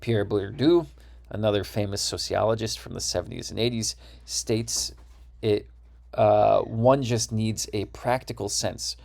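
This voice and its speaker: A man's voice: lowish voice, steady tone, measured pace, vocal fry, a little mellow. A man with a Wisconsin accent giving a recorded course lecture, explaining ideas and checking in with "right?".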